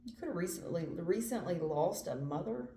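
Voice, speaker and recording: A woman's voice: on the low side, lively intonation, moderate pace, dark tone, echoey room, a little hiss or hum. A woman doing a casual tarot reading, earnest and emphatic, repeating phrases and swearing now and then. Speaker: tarot reader.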